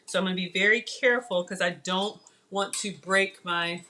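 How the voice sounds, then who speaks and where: Cooking live from her home kitchen, a middle-aged host keeps up an excitable, chatty stream of talk and often calls out to viewers mid-task. She speaks at a normal speed in a medium-pitched voice.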